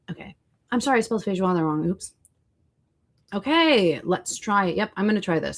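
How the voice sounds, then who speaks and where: A woman's voice: mid-range voice, animated, brisk, long pauses. A woman hosting a casual livestream, chatting with viewers and looking up foods online as she talks. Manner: chatty, reacts to chat and searches food online. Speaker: livestream host.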